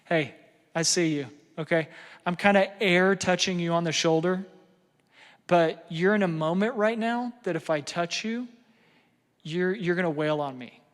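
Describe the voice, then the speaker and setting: A man's voice: high-pitched, normal speed. A middle-aged man giving a casual parenting seminar, conversational and self-deprecating, with lots of fillers and "right?" checks. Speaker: parenting workshop speaker. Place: large hall before an audience. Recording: long hall reverb.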